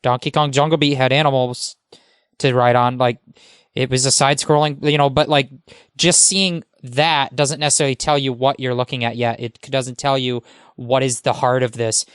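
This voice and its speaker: Enthusiastic man with a crisp, dry voice. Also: medium pitch, flat delivery, moderate pace, a bit bright, dry recording. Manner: enthusiastic, rambling, many fillers. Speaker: podcast guest. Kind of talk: casual podcast chat.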